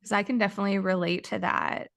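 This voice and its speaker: A woman's voice: mid-range voice, level tone, fast, creaky, fairly bright tone. A woman hosting a podcast, speaking in a reflective, supportive way with a casual tone and frequent use of "like". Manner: reflective, supportive, uses "like" often. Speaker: podcast host, dietitian.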